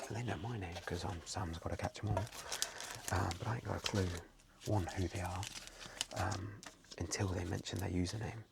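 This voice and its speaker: A man, softly whispering as he chats casually and rambles during an ASMR video. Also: low voice, steady tone, normal speed, creaky, very noisy. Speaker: card seller and streamer. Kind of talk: soft-spoken ASMR chat. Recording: loud crinkling packaging close to the mic.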